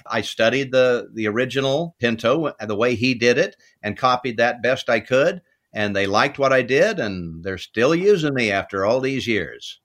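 A middle-aged man speaking at an ordinary, mid-range pitch, easygoing and anecdotal. He is an interview guest spinning stories about his career at an unhurried pace. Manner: relaxed, anecdotal, unhurried telling. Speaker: voice actor guest. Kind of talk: interview storytelling.

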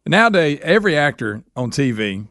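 Folksy guy cohosting, talks quick, dry close mic. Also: a little high, very animated, a bit bright, dry recording. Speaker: co-host. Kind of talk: casual radio chat.

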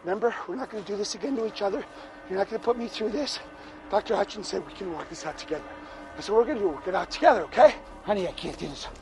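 High-pitched frantic film dad, unhinged, shouting, gravelly edges, music underneath. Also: male voice, lively intonation, racing. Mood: pleading. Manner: frantic, switching from pleading to screaming. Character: unhinged rich father screaming for his daughter.

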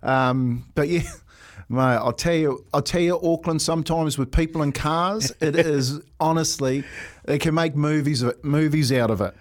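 A man's voice: a little high, normal speed. A man with a New Zealand accent, co-hosting a breakfast radio show and telling stories in a casual chat. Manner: animated, laughs through stories. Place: radio studio.

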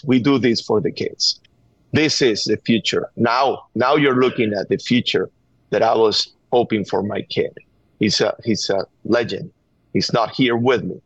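His voice is lowish and husky, with no room sound, though the remote call-in line is dull and dry. He is a middle-aged Venezuelan gun violence activist with a Venezuelan Spanish accent, speaking as an interview guest with earnest urgency and frequent repetition to drive points home.

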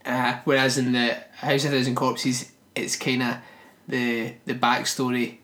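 A man at a middling pitch banters through a casual film chat, teasing and enthusiastic. The room around him is echoey. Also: completely flat delivery, measured pace, fairly bright tone. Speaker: podcast co-host.

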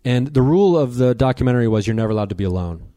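Mellow-voiced man telling a rambling story. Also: medium pitch, very fast, no room sound, studio quality. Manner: rambling, animated storyteller with many fillers. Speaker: podcast guest. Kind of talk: casual storytelling conversation.

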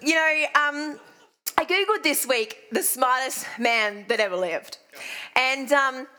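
A young Australian woman gives a sermon in a chatty, self-deprecating storytelling way. Her voice sits high and sounds bright and forceful. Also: slow pace. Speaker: preacher. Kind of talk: sermon with personal stories.

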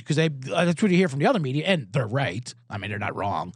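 A man's voice: mid-range voice, very animated, fast, hardly any pauses, slightly rough, no room sound, studio quality. A man hosting a sports betting podcast, ranting sarcastically with plenty of profanity. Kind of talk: comedic sports rant.

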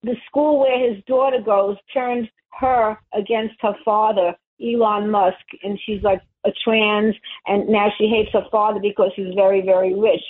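A woman's voice: medium pitch, fairly even intonation, normal speed, few pauses. A woman calling in to a radio show, chatty and rambling. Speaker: caller. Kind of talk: phone call to radio show. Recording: tinny phone line.

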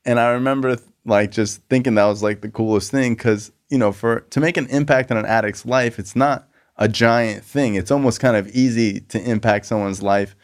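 A man's voice: medium pitch, steady tone, normal speed, smooth. A man hosting a casual talk show about recovery, laid-back, with lots of "like" and "you know". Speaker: podcast host.

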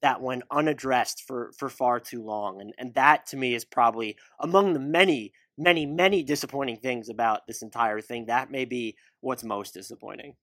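A man's voice: mid-range voice, normal speed, hardly any pauses, fairly bright tone, no echo, studio quality. A man in his thirties hosting a casual sports talk show, questioning his guest and reeling off stats. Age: 30s. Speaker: podcast host.

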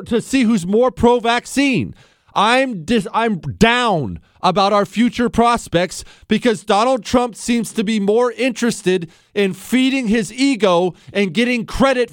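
A man's voice: high-pitched, smooth, no room sound, clean studio sound. A man hosting a talk show, delivering a blunt, combative opinion monologue with sarcastic asides.

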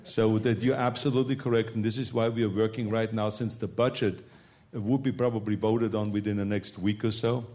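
A man's voice: on the low side, steady tone, a little fast, darkish tone. A man speaking as governor in a panel discussion, emphatic and repetitive, with frequent fillers.

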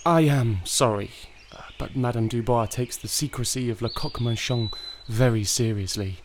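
A man's voice: mid-range voice, normal speed, background noise, lightly acted. A man with a French accent, playing a cowed, servile male driver in an audio drama. He speaks politely and deferentially.

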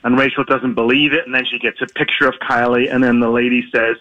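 A man's voice: medium pitch, level tone, fast talker, few pauses, dry recording, lo-fi sound. A man with an Irish accent, a guest author talking enthusiastically about his book in a remote interview from his apartment.

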